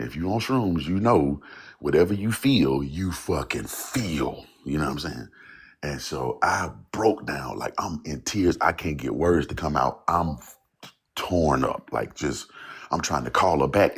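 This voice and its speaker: A man, a songwriter guest, telling a personal story casually, rambling and halting in places. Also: rumbling low, expressive, husky. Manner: loose, rambling, repeats "you know what I'm saying".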